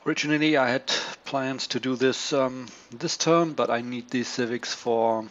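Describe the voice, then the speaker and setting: A man giving casual, low-key commentary on his turn in a strategy game, thinking aloud with many pauses and ums. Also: vocal fry, fairly bright tone. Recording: dull lo-fi mic with faint hiss.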